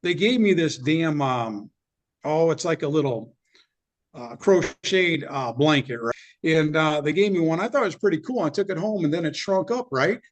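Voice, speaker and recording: A middle-aged man telling his business story in an interview, in a blunt, animated way with some swearing. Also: on the high side, moderate pace. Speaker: business owner guest.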